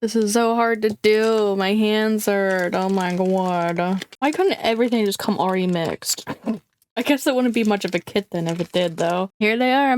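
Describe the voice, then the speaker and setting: A woman's voice: medium pitch, darkish tone, clear, resonant tone. A woman chatting casually through a crafting vlog, talking to viewers with dramatic, squeamish groans and frequent laughs. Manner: chatty, self-deprecating, laughs often. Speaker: craft vlogger.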